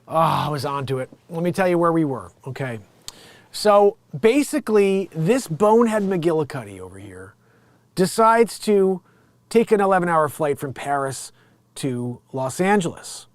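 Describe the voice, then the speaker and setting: A man's voice: a little high, sing-song, moderate pace, no echo. A man doing brash, mocking improvised comic commentary on a live stream.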